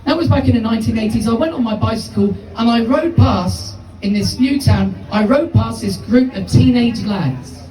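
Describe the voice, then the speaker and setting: Swearing comedian, dark and distant. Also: male voice, very high-pitched, moderate pace, hardly any pauses, soft background music. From United Kingdom. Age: 50s. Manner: rambling, profane storytelling. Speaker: stand-up comedian. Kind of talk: live stand-up comedy. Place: small comedy venue with audience. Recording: distant, echoey live room.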